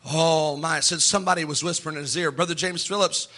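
A man's voice: a little high, fairly even intonation, fast, sharp tone. A male pastor preaching a sermon in a church, fervent, acting out the voices of people he quotes.

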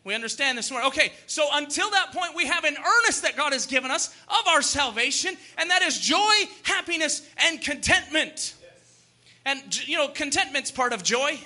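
High, bright-voiced fervent male preacher. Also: animated, brisk, hardly any pauses. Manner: fervent, rising to shouts, then lighter and joking. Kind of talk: sermon.

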